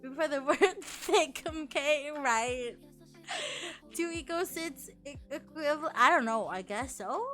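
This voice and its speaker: High, bright-voiced chatty woman streamer. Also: animated, measured pace, faint music behind. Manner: chatty, swears a lot, laughs often. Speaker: VTuber streamer. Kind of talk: casual chat stream.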